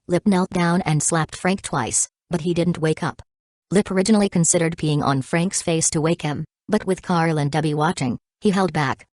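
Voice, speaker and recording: A woman narrates an audiobook in a steady, even reading. Her voice is low and dry, close to the mic with no room sound. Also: no room sound. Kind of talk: scripted narration.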